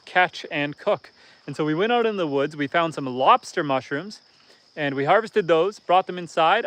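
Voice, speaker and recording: Laid-back Canadian man, slightly higher voice, for a casual outdoor homestead livestream host. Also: fairly bright tone. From northern Canada. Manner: easygoing and rambling, reads viewer comments aloud.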